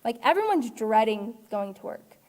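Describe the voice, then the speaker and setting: A woman's voice: on the high side, sing-song, normal speed, a little mellow, long reverb tail. A woman teacher giving an online character-education lesson in an earnest, encouraging way. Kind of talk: live online class lesson.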